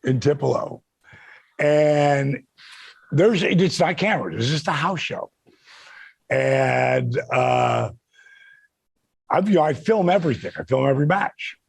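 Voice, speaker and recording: Man, gravelly voice, husky tone, podcast host, swears a lot, dry studio sound. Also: a little high, takes it slowly, long pauses, no echo. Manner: animated, swears often, acts out shouted quotes. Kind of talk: profane storytelling in casual chat.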